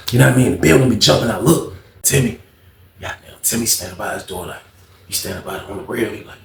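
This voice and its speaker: Animated man with a gravelly voice. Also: medium pitch, echoey room. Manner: animated, acts out the voices of others in the story. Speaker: storyteller. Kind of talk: storytime monologue.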